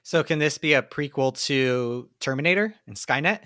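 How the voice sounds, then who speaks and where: A man co-hosting a podcast in casual chat, tossing in quick jokes. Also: a little high, expressive, sharp tone, no room sound, studio quality. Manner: quick jokey interjections. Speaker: podcast co-host.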